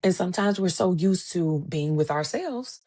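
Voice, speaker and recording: Warm, lower-voiced woman podcast host. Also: moderate pace, slightly rough. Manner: animated storytelling, acts out quoted dialogue; conversational, colloquial phrasing. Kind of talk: casual solo podcast talk.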